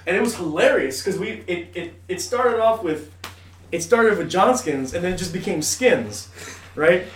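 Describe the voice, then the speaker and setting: A man in his thirties telling a story on a podcast in an animated, profane way, laughing often. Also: sits high, normal speed. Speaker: podcast co-host. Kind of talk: casual storytelling. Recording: echoey room, a bit off-mic, faint hiss.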